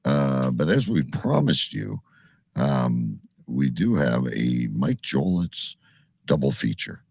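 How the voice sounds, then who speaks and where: A man's voice: very deep voice, big pitch swings, takes it slowly, creaky, husky, dry recording, clean studio sound. A man hosting a talk radio show, joking crudely, swearing and laughing as he banters. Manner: loud laughing, swearing, jokey.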